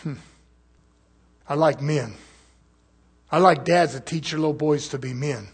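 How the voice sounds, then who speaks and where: A man preaching a fiery, scolding sermon, swinging from loud exhortation to low, muttered asides. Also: measured pace, husky.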